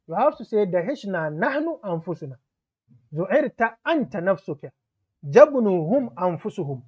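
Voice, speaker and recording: A man's voice: high voice, lo-fi sound. A man teaching Arabic grammar, reading lines from a textbook and explaining them in English. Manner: reads Arabic text then explains in English.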